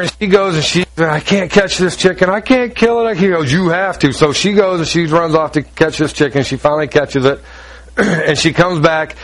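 A male preacher delivers a conversational sermon, telling stories and driving points home with emphasis. His voice sits fairly high for a man.

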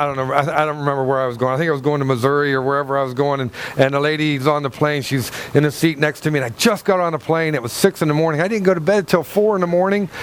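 A male pastor preaching to a congregation, reading scripture and telling a story, repeating himself and asking 'Amen?' and 'Okay?'. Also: a little high. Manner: rambling, repeats and restarts, checks in with the congregation. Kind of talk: sermon with Bible reading and anecdote.

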